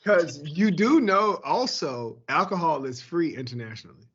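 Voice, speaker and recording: A man's voice: a little high, lively intonation, moderate pace, a bit bright, husky, lo-fi sound. A man interviewing in a casual chat, cutting in with playful, teasing remarks.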